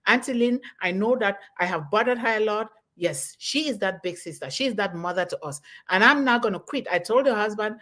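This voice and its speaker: A middle-aged woman from Cameroon hosting a live online webinar, giving an impassioned motivational talk that repeats phrases and swings in pitch and loudness. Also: animated, fairly quick, few pauses. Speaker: host.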